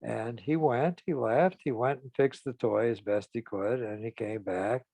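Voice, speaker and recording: Male therapist narrator, gravelly, unhurried storyteller, dry close sound. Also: medium pitch, warm tone, dry recording. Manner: unhurried, recounting a case. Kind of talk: storytelling talk.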